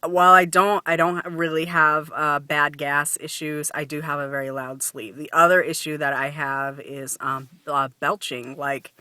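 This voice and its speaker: A woman's voice: sits low, little pitch movement, moderate pace, hardly any pauses, pushed and bright, no echo. A woman vlogger talking casually to camera, chatty and laughing often, with lots of fillers and restarts.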